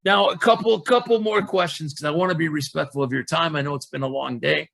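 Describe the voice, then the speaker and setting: A man's voice: a little high, a little fast, creaky, fairly bright tone, dry recording. A male podcast host asking a guest polite, hesitant questions in a casual interview.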